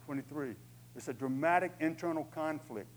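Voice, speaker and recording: A man's voice: on the high side, normal speed, a little hiss or hum, poor audio. A man preaching a sermon in a conversational way, acting out inner voices with humor. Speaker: pastor.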